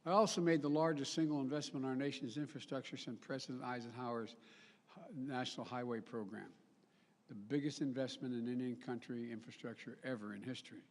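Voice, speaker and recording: A man's voice: medium pitch, fairly even intonation, fairly quick. Emphatic man speaking with long reverb. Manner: emphatic, with repetitions, restarts and joking asides. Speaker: national leader giving a speech. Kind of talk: formal public speech.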